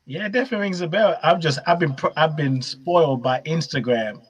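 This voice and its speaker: A man, a life coach and co-host, reacting to a story in casual chat. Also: a little high. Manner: quick, encouraging listener.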